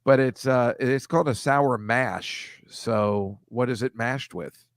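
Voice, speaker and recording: A man co-hosting a casual comedy chat, friendly and rambling with quick laughs. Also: medium pitch, clean tone, no echo, clean studio sound. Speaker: co-host.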